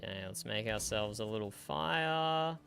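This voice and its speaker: A man's voice: on the low side, expressive, unhurried, gravelly. A man streaming a video game, chatting in a dry, matter-of-fact way and chuckling often. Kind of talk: casual gaming livestream chat.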